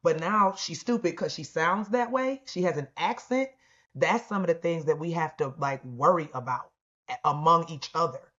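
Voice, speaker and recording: A woman's voice: low-pitched, normal speed, fairly bright tone, muffled recording. A woman co-hosting a podcast, making her points in an emphatic, opinionated way. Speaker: podcast co-host. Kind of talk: casual podcast discussion.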